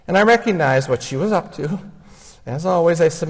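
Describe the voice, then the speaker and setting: A man giving a funeral homily, speaking in a gentle, heartfelt storytelling way. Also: a little high, animated, fast talker, breathy edge. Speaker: homilist and son of the deceased. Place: church. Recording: long church reverb.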